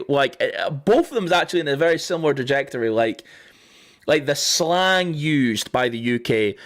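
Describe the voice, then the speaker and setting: Casual male streamer, slightly high voice, loose and rambling, swears freely. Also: fairly bright tone. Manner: rambling, swearing, laughing often. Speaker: livestream host. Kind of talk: casual livestream chat.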